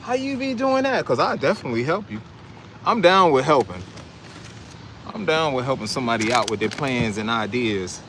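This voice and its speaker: A man's voice: medium pitch, expressive, moderate pace, bright, forceful tone, slight background noise. A man casually vlogging outdoors, talking loosely and straight to his viewers. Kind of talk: casual live vlog. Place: outdoors at a city fast-food lot.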